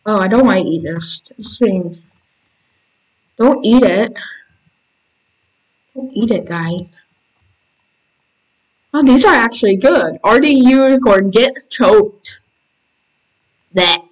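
A woman hosting a gaming channel, giving excitable casual commentary while playing and reading game text aloud, squealing when panicked. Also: medium pitch, slow, pauses often, rough recording. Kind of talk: casual let's-play commentary.

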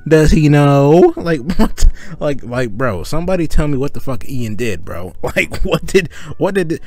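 A man's voice: medium pitch, sing-song, moderate pace, darkish tone, dry recording. A man giving rambling, mocking commentary in a casual, profane way, breaking off to laugh. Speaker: commentary video host.

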